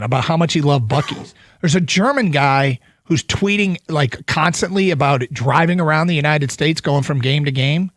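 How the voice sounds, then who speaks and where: A man's voice: fairly high pitch, no echo. A man hosting a sports talk radio show, chatting enthusiastically in a studio. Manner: enthusiastic, animated. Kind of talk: casual sports radio chat.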